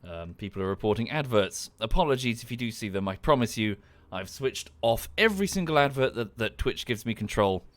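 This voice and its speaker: A man's voice: medium pitch, very animated, brisk, hardly any pauses. A man giving casual, dry, self-deprecating commentary while livestreaming a game, often muttering to himself. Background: game music.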